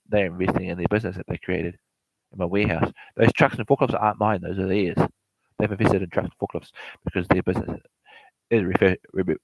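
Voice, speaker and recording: Rambling low-voiced man giving advice. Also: gravelly, no room sound, rough recording. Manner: repetitive, self-correcting, addresses listener directly. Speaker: property investor giving advice. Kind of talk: rambling informal lecture.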